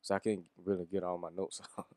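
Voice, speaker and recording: A man's voice: low voice, little pitch movement, fast, dark tone, dry recording, studio quality. A man giving a casual, rambling wrestling review, swearing and chuckling as he goes.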